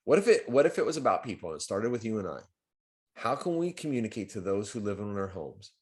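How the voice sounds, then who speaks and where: Man, lowish voice, casual livestream chat, restless restarts, bursts of emphasis. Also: quick pace. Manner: conversational, repetitive restarts, animated swings in loudness. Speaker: host of a live community stream.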